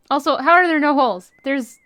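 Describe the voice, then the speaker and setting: A woman's voice: high-pitched, a bit bright, no room sound. An American woman streaming a video game, chatting with viewers in a playful, teasing way. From United States. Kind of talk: live-stream commentary.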